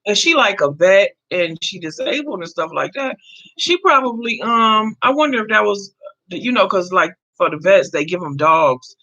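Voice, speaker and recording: Chatting freely on a casual livestream, a woman in her fifties answers viewers' comments by name. Her animated voice swings widely in pitch with a bright, forward edge, at a moderate pace, and the audio sounds muffled and lo-fi.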